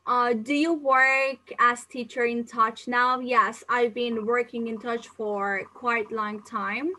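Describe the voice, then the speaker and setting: Bright-voiced young female teacher. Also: on the high side, fairly even intonation, slow pace, low-quality recording. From not Turkey, living there. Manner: chatty, explains with many examples and fillers. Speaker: English teacher answering live questions. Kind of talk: live Q&A lesson.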